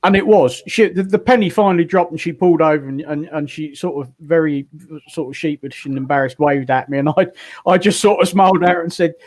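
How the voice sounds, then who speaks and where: A man's voice: fairly high pitch, fairly even intonation, a little fast. A man from England chatting casually while gaming, telling rambling stories with frequent ums and chuckles. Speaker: gaming chat participant.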